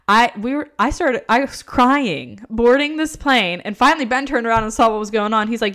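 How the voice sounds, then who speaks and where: Woman, 30s, podcast co-host, blunt and sweary, slightly high, smooth clear voice. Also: brisk, few pauses. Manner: blunt, swears freely, animated storytelling. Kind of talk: casual chat.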